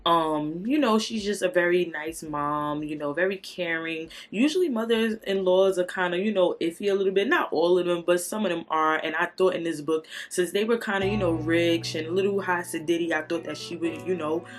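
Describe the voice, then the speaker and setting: A woman's voice: on the low side, a little fast, hardly any pauses, soft background music. A woman casually reviewing a book, retelling the plot in a candid, profane way.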